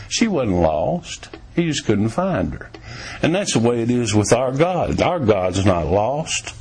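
A preacher man delivers a sermon with a slightly husky, breathy voice. He mixes scripture with homespun stories, rising to emphatic peaks and dropping low for quiet points. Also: big pitch swings, unhurried. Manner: folksy storytelling preaching, swinging from emphatic highs to low quiet lines.

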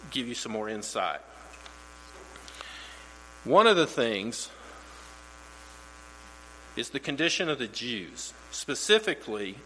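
Bright-voiced man teaching in a hall. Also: mid-range voice. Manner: conversational, repeats words when restarting. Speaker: Bible teacher. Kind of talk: Bible study teaching. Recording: reverberant hall with mains hum.

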